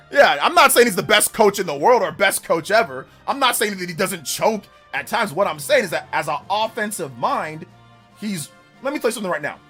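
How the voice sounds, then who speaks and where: A man's voice: high voice, animated, normal speed, fairly bright tone, husky, faint music behind. A male streamer talking casually on a live stream, arguing emphatically with his chat. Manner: emphatic, argumentative, talks back to chat.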